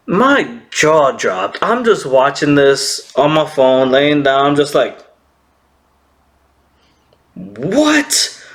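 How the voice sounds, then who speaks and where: This is a man recapping an anime episode in a casual vlog. He is excitable, laughs easily, and keeps slipping into quick impressions of the characters. His pitch swings widely as he talks. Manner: excitable, laughs often, acts out characters' lines.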